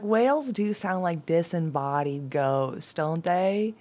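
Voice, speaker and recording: A middle-aged woman with a low voice talks through a card reading in a loose, rambling way, full of fillers and laughs. Now and then she drops to a soft whisper. Faint room noise sits behind her. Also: normal speed, few pauses. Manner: rambling, chatty, laughs often, many fillers. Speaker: tarot and oracle card reader. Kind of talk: casual card-reading chat.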